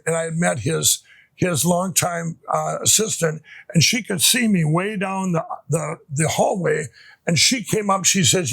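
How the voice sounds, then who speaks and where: A man from Minnesota, a podcast guest, telling his personal faith testimony in a rambling, halting way, full of restarts and fillers. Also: sits high, vocal fry, slightly rough.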